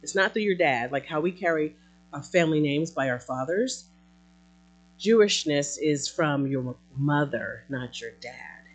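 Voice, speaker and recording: A woman's voice: low voice, animated, measured pace. A woman preaching a sermon in a conversational, emphatic way, acting out quotes as she goes.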